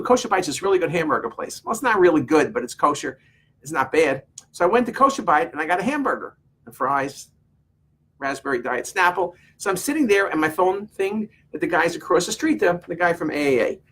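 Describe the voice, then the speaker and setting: Man, husky voice, rambling exasperated anecdote, casual vlog. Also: high-pitched, fairly bright tone. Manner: rambling, exasperated storytelling with quoted exchanges. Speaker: vlogger telling a personal story.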